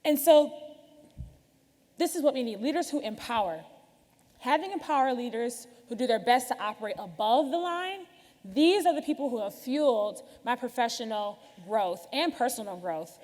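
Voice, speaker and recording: A woman with a somewhat high voice delivers a conference keynote from a stage microphone. She talks candidly and conversationally and speaks directly to the audience. Her words ring out with a long reverb in a large hall. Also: darkish tone.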